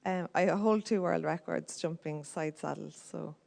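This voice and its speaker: A woman's voice: fairly low pitch, unhurried, gravelly, a little mellow. A woman from Ireland answering a host's questions briefly and modestly. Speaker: amateur jockey guest. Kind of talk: interview answers.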